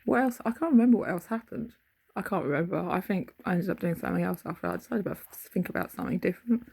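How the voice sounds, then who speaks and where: A middle-aged woman talks in a meandering, casual way, stopping to hunt for words. Her voice sits low and has a husky, gravelly texture. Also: quick pace, a little mellow. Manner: meandering, loses her thread, searches for words. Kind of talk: rambling casual monologue recounting a dream.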